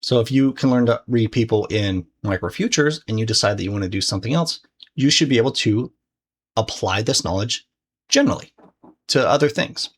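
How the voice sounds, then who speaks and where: A man's voice: lowish voice, brisk. A man teaching a recorded course lesson in a casual, conversational way. He swears freely and restarts his sentences often. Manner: speaks directly to the viewer. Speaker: trading course instructor.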